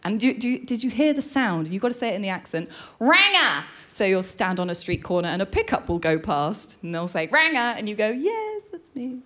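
A woman performing a stand-up comedy routine with wry, deadpan asides. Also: mid-range voice, a little fast, hardly any pauses.

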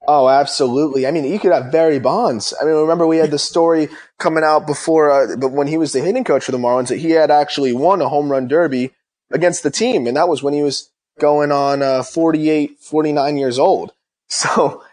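A man's voice: fairly high pitch, fairly even intonation, a little fast, a little mellow. A young man hosting a casual interview, talking eagerly and at length. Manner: eager, talkative. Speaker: host.

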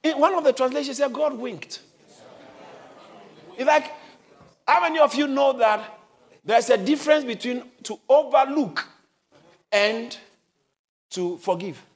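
A man preaches a sermon in an extremely high voice, a little slow and pausing often, frequently shouting and calling on the congregation to answer him. Listeners can be heard in the church.

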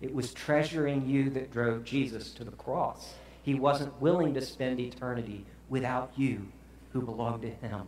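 A man preaching a sermon as pastor, telling a story dramatically and swinging from hushed to loud. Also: medium pitch, steady tone, moderate pace, heavy reverb, slight background noise.

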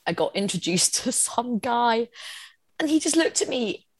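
Lively woman storyteller, dry sound. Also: fairly high pitch, measured pace, husky, no room sound. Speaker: comedian and speaker. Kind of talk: casual conversation.

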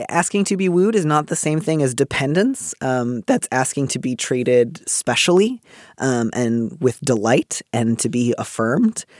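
A man's voice: mid-range voice, a little mellow, no echo, clean studio sound. A man co-hosting an advice podcast, talking casually and with animation, full of restarts and fillers.

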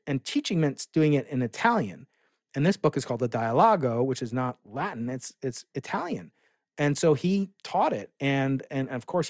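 American guy rambling excitedly on a podcast, lots of uhs, medium voice, dead dry sound. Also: medium pitch, dry recording. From United States. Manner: enthusiastic, rambling with many fillers and restarts. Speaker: physicist guest. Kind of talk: casual interview storytelling.

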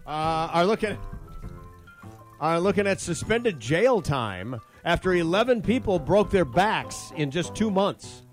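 A man's voice: high-pitched, very animated, a little slow, soft background music. A man hosting a morning radio show, reading odd news items and riffing on them with wry jokes. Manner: jokey, reads news items with wry asides.

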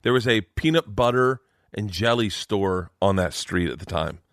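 A male stand-up comedian telling a story as a podcast guest, animated and profane. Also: fairly low pitch, moderate pace, no echo, studio quality. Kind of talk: comic storytelling.

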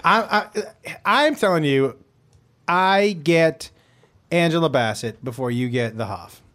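A fairly high-voiced man with a bouncy, animated delivery, riffing on a comedy podcast. He jokes, laughs a lot, and plays up stammers for a bit. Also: unhurried. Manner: joking, laughs often, stammers for comic effect. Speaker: podcast co-host. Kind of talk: casual comedic chat.

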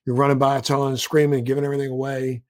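A man's voice: medium pitch, flat delivery, fast talker, darkish tone, no echo, studio quality. A man hosting an interview, asking attentive and reflective questions. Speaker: interview host.

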